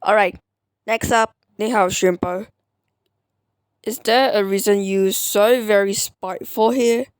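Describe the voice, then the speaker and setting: A woman's voice: medium pitch, fairly even intonation, measured pace, clear, resonant tone, dry recording, voice pushed down, close to an everyday voice. A woman voicing a cheerful, friendly interviewer in a fan voice-over dub, asking teasing questions. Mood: questioning.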